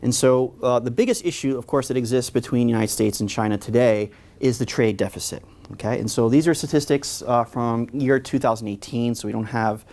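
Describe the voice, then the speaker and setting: Male history lecturer from New York, New York accent, quick delivery, frequent fillers. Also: medium pitch, a little mellow. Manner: fast-talking, many filler uhs. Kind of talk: public lecture.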